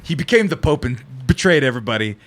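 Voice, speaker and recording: A man co-hosting a podcast, telling stories in casual chat with lively swearing. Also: mid-range voice, fast talker. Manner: animated storytelling with swearing. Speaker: podcast co-host.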